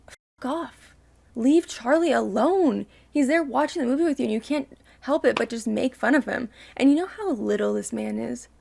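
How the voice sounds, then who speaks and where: A woman's voice: fairly high pitch, gravelly, darkish tone. A young woman hosting a reaction video, talking casually and emotionally, ranting and swearing freely.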